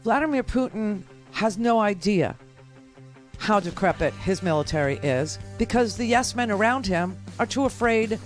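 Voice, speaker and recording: A woman's voice: medium pitch, lively intonation, normal speed, faint music behind. A woman hosting political talk radio, brash and emphatic with rambling asides. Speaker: radio talk show host.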